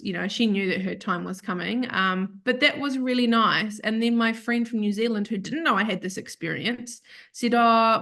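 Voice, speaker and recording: A woman's voice: medium pitch, a bit bright. A woman, a podcast guest, telling a heartfelt personal story in a rambling, self-correcting way that turns tearful at times. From Australia.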